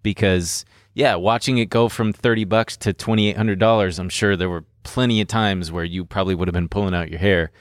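Joking low-voiced podcast host, a man. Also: steady tone, a little fast, few pauses, no room sound, studio quality. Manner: joking, rambling, explains trades. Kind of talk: casual crypto chat. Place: studio.

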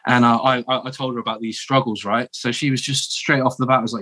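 A man in his thirties from the south of England with a southern English accent, telling stories as a guest in a casual interview, animated and full of restarts. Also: mid-range voice, brisk, dry recording. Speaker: guest, former marine.

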